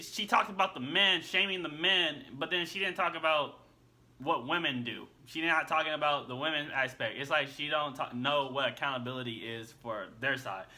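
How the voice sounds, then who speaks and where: A man's voice: a little high, pushed and bright. A man hosting a reaction video, giving blunt casual commentary and peppering it with slang. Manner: blunt, repeats himself, slangy with "bro".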